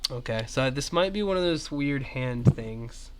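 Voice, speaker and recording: A man, narrating a tabletop game as game master in a relaxed, chatty way. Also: mid-range voice, measured pace, noisy background.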